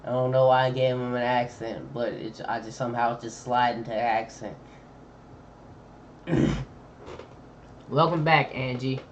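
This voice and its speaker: Streamer man, laid-back slangy reaction chat, unhurried, dull lo-fi mic with faint room noise. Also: medium pitch. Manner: laid-back slangy chatter, thinking aloud. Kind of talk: casual live-stream reaction commentary.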